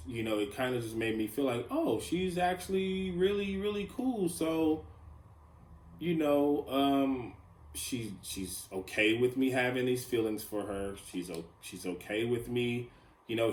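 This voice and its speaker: Rambling man with a low, echoey voice. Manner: rambling, confessional, lots of fillers. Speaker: podcast host. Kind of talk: casual solo podcast monologue.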